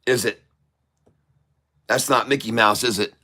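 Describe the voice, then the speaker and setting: Man, stock trading commentary, slow drawl, bright tone, boastful, crude teasing. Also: medium pitch, fairly even intonation. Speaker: stock trader streamer.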